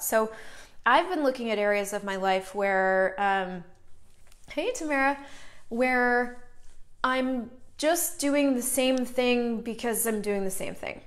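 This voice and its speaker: A middle-aged woman with a slightly high voice hosts a casual live stream. She talks in a loose, chatty way and breaks off mid-sentence to greet viewers by name. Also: slow.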